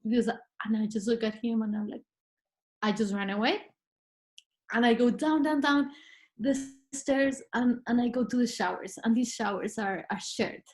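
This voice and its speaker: Animated woman telling a personal story. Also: on the high side, moderate pace. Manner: animated, acts out her own past words. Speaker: guest. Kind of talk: casual conversational storytelling.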